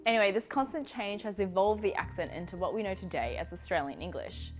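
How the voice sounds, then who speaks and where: A woman presenting a news segment, her voice lively and animated in pitch with a wry touch. Faint music sits under her. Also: fast.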